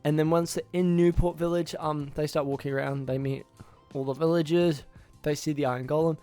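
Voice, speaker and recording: Young-sounding male reviewer, slightly high voice, loose rambling recap over faint music. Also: steady tone, a little fast, warm tone. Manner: rambling, restarts names, acts out character lines. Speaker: YouTuber reviewing a film. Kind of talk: casual film plot recap.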